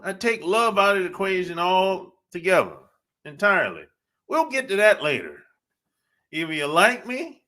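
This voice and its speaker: Animated, bright-voiced male podcast host. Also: high-pitched. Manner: blunt, laughing often, drawn-out emphatic phrasing. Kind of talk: casual monologue.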